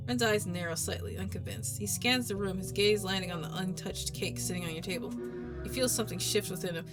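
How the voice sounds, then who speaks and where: A woman's voice: medium pitch, a little fast, poor audio. Woman streamer, dramatic game narration, music under it. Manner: dramatic narration with casual asides. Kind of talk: dramatic read-through of a game.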